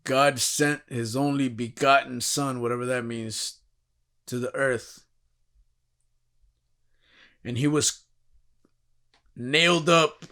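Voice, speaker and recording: A man's voice: mid-range voice, steady tone, slow pace, long pauses, bright, forceful tone. A man hosting a casual podcast, rambling through a profane comic rant and laughing at his own jokes. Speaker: podcast host.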